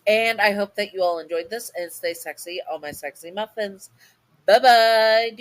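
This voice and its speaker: A woman's voice: fairly low pitch, normal speed, fairly bright tone, rough recording. A woman casually reading a second-person fan audio story, often stumbling over and restarting words.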